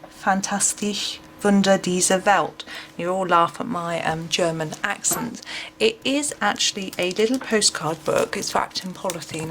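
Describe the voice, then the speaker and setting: Lady chatting through a flip-through, lowish voice, lots of ums. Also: fairly bright tone, slight background noise. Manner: chatty, with frequent ums and uhs. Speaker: craft book reviewer. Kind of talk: casual product flip-through.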